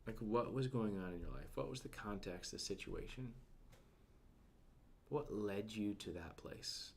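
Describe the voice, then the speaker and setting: A man giving a casual devotional talk, conversational and full of fillers, often turning to ask his listeners questions and sinking to a soft near-whisper at emotional points. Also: fairly low pitch, a little slow, creaky, slight background noise.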